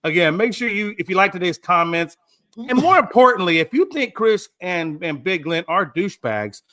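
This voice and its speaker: A man's voice: high-pitched, animated, moderate pace, pushed and bright, no echo, studio quality. A man hosting a casual sports podcast, joking around and rambling with his co-hosts. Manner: joking, rambling, laughs often. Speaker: show host.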